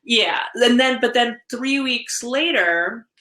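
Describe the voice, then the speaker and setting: A woman's voice: on the high side, animated, slow, bright, forceful tone. A woman in her thirties, co-hosting a podcast and telling long, rambling stories in casual chat. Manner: chatty, rambling storyteller. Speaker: podcast co-host. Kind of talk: casual chat about comics and TV. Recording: echoey room.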